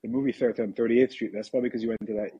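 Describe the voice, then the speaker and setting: A man in his forties chatting casually on a podcast, rambling and self-deprecating with halting restarts. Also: medium pitch, steady tone, dark tone, slightly rough, dull audio. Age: 40s. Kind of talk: casual chat.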